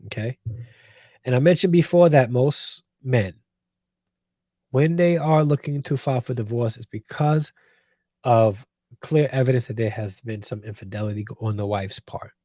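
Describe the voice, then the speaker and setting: A man's voice: mid-range voice, moderate pace, warm tone, no echo. A man hosting a show, giving emphatic Bible commentary and repeating phrases for weight. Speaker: host.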